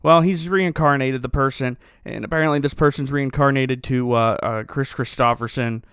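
A man's voice: medium pitch, fairly even intonation, moderate pace, fairly bright tone, clean tone, no echo, studio quality. A man hosting a comedy podcast, retelling a movie plot in a rambling, sarcastic way and often correcting himself.

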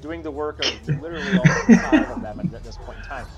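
A man's voice: on the high side, big pitch swings, brisk. Man running a tabletop game. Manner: casual, swears often. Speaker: game master. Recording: muffled audio with music.

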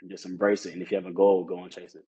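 Polite young man, husky voice. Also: low voice, little pitch movement, racing, warm tone. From Texas. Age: young adult. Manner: polite, answers with "yes, sir". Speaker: guest, student athlete. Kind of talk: casual interview. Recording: dull lo-fi sound.

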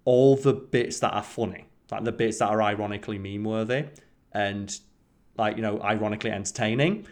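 A man's voice: on the low side, fairly quick, a little mellow. A man co-hosting a podcast, chatting casually and rambling with lots of fillers. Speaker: podcast co-host. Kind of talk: casual chat.

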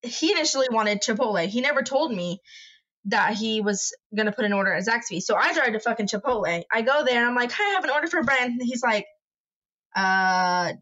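A fairly high-voiced woman tells stories in a lively podcast chat, swearing freely and animatedly. The recording is dull and lo-fi. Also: quick pace. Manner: animated, profane storytelling. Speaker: podcast co-host. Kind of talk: casual chat.

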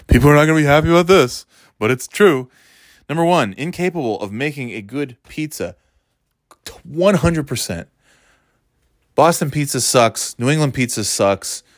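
Low-voiced New guy ranting. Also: no echo, studio quality. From New York. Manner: rambling, frequent restarts, casual swearing. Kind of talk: casual chat.

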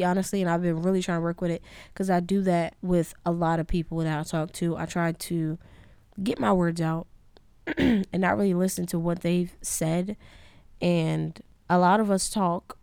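A woman's voice: on the low side, a little mellow, clean tone, no echo. A young woman hosting a podcast, talking through her own flaws in a candid, rambling, self-critical monologue. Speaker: podcast host. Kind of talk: casual reflective monologue.

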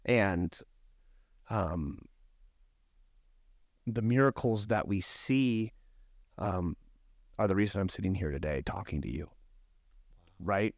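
A man's voice: low-pitched, slow pace, pauses often, no echo, clean studio sound. A man speaking as a podcast guest and life coach, talking in an earnest, reflective way with frequent restarts. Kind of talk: casual podcast conversation.

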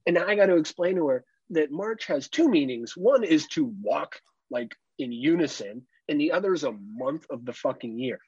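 Husky-voiced man telling dad stories. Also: fairly high pitch, moderate pace, no echo, dull audio. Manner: animated storyteller, swears freely. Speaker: podcast co-host. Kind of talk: casual podcast chat.

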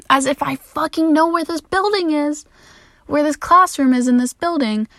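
Speaking unhurriedly in a high voice, a young woman podcast host tells a casual story, candid and self-deprecating, with swearing and animated quoting. Her voice is close and dry, and the recording is dry too.

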